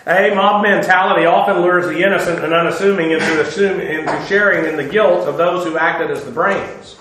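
High-voiced man preaching in a very echoey room. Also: fairly quick, a bit bright, slight background noise. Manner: informal, with filler "uh"s and dry sarcastic asides. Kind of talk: conversational Bible-teaching sermon.

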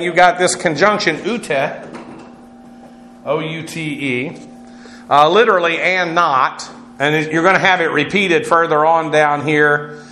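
Echoey Bible teacher spelling Greek words. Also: male voice, fairly high pitch, sharp tone. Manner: explanatory, spells out Greek words, frequent uh fillers. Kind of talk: Greek word-study lecture. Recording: echoey room with faint noise.

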